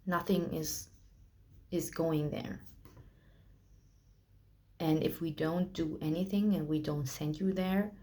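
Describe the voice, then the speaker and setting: Low-pitched young woman telling her story slow, emotional, lots of restarts. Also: fairly even intonation, darkish tone. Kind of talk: personal storytelling vlog.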